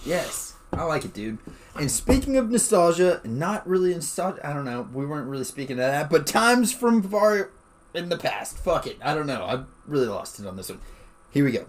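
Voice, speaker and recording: A man's voice: on the high side, normal speed. A young man co-hosting a podcast in casual chat, telling stories with lots of swearing and frequent laughter. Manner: swears a lot, laughs often, animated storytelling. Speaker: podcast co-host.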